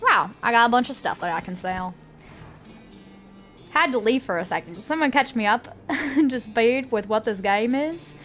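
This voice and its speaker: A woman's voice: on the high side, expressive, moderate pace, pauses often, a bit bright, faint music behind. A woman streaming a game, reading its text aloud and joking sarcastically with chat. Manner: playful, sarcastic, laughs often.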